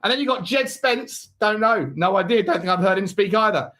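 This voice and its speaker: High-voiced man rambling. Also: brisk, pushed and bright. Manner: rambling, reads out viewer messages. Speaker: host. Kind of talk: live football watch-along chat.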